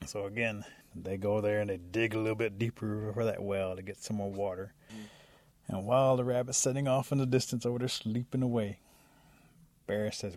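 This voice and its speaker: A man telling a traditional animal story aloud, animated and acting out the animals as he goes. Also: on the low side, moderate pace. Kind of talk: oral storytelling.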